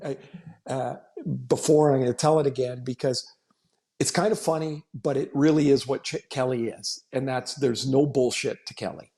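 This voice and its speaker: A man's voice: medium pitch, steady tone, moderate pace, warm tone. A middle-aged man, a former hockey player, telling rambling anecdotes on a podcast in a casual way. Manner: rambling anecdotes with restarts, laughing. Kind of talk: casual storytelling.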